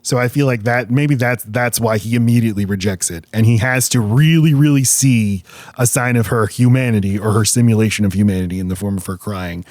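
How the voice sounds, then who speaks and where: A man co-hosting a podcast, explaining his views in a steady, thoughtful way. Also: lowish voice, fairly quick, no room sound. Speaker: podcast co-host. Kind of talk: casual chat.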